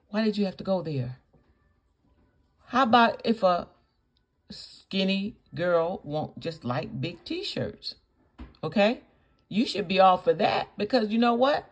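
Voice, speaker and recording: Woman ranting in a reaction vlog, slow and deliberate, keeps asking why'd you have to go there, repeats herself a lot. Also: medium pitch, sing-song. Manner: indignant, scolding, full of rhetorical questions. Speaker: reaction video host. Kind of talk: reaction commentary.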